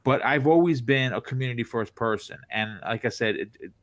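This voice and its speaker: A man telling stories as a podcast guest in casual chat, with a distinctive voice, animated and full of restarts. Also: mid-range voice, brisk, no room sound. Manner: animated, lots of restarts, acts out quoted reactions. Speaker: podcast guest, content creator.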